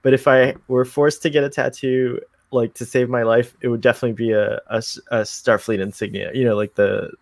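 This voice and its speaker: A man's voice: medium pitch, little pitch movement, a little fast, gravelly, few pauses. A man from the United States talking casually on a podcast, laughing often between remarks. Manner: laughs often, chatty, friendly. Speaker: podcast guest co-host. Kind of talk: casual chat.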